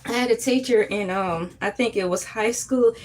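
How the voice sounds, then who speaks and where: A woman hosting a casual morning livestream chat, playful and animated, often jumping into high squeals. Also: moderate pace. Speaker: livestream host.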